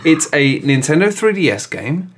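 A man's voice: a little high, big pitch swings, moderate pace, a little hiss or hum. A man co-hosting a comedy podcast, rambling through a story in a self-deprecating way. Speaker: podcast co-host. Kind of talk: casual comedic chat.

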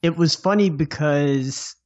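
A man's voice: a little high, takes it slowly, a little mellow, lo-fi sound. A man on a podcast panel talking about a film in a rambling, casual way, full of "like" and restarts. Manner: rambling, filler-heavy, amused.

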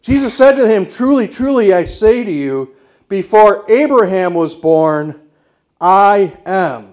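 A man's voice: high-pitched, animated, measured pace, a little mellow. A man preaching a sermon as pastor, emphatic and declarative, putting rhetorical questions to the congregation.

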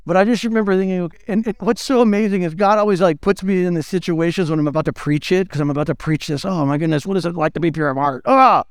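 A man, preaching a sermon in an animated, playful storytelling way. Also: high voice, quick pace, hardly any pauses, no echo, studio quality. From United States. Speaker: pastor.

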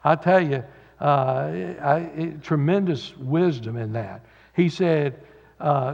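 A man's voice: fairly high pitch, slow, gravelly, darkish tone. Male preacher, folksy sermon delivery; muffled sound with long church reverb. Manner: folksy, paraphrasing scripture with repeated restarts. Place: church sanctuary.

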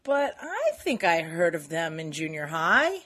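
A woman's voice: lowish voice, sing-song, a little slow, noisy background. A woman who is a guest on a comedy podcast, answering hesitantly and laughing often. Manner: hesitant, giggly. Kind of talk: casual comedic chat.

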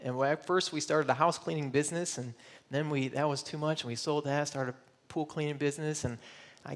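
A man's voice: a little high, lively intonation, moderate pace. A middle-aged man from Michigan preaching a sermon, earnest and personal, voicing searching questions and at times close to tears. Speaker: pastor.

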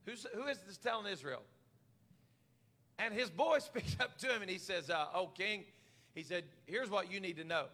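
A man preaching a sermon as pastor, stammering repeats and climbing into shouts. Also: sits high, lively intonation, moderate pace. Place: church hall. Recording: live church hall reverb.

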